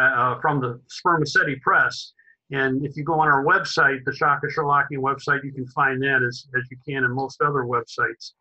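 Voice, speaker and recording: A man hosting an online society meeting, speaking haltingly with many fillers and restarts. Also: fairly high pitch, pushed and bright, slightly rough, low-quality recording. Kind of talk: hesitant introductory remarks.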